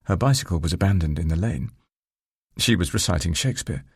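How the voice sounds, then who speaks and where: Male novel narrator, gravelly and deep, dry close recording, measured wry delivery. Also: expressive, no room sound. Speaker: audiobook narrator. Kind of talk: first-person novel narration.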